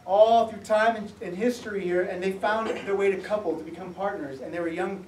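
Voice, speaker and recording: A high-voiced man tells his story to a live audience with lively laughs, acting out each person he met. He is recorded from across an echoey room. A faint hum sits under the talk. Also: a little fast. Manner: animated, laughing storyteller who acts out the people in his story. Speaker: author giving a public talk. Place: museum event space. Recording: echoey room, mic from far off.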